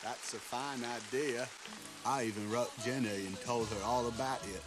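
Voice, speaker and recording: An actor playing a simple-hearted man, narrating his life slowly and plainly in a film. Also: medium pitch, fairly even intonation, over music, natural voice. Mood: earnest. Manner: slow, plain, earnest storytelling. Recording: film narration over loud score.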